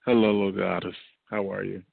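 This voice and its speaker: A man calling in as a guest poet performs spoken word rhythmically and repetitively over the phone. His low, gravelly voice holds a level tone and moves a little fast, and the tinny, dry line has no echo.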